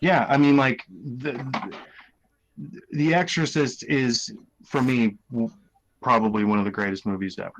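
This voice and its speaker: A man co-hosting a casual podcast chat, talking in halting bursts full of ums and restarts. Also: medium pitch. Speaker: podcast co-host. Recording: dull lo-fi audio.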